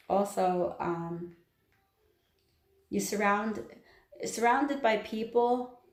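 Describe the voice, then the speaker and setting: A woman giving a casual astrology reading to her viewers. She talks in a chatty, emphatic way, repeats her points and laughs at herself. Her voice sits at a middle pitch and bounces around an echoey room. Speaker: astrology channeler. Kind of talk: casual tarot-style reading to camera.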